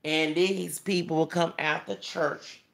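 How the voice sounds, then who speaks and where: A man's voice: fairly high pitch, fairly even intonation, measured pace, creaky, fairly bright tone. A man from Texas with a Southern accent, a YouTuber giving an emphatic, preachy monologue that quotes scripture. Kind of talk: impassioned monologue. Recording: echoey room.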